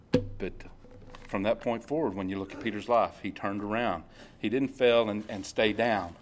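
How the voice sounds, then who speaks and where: A man's voice: on the low side, a little hiss or hum. Conversational male preacher reading scripture. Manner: conversational, repeats phrases, reads scripture slowly. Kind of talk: informal sermon. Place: church service.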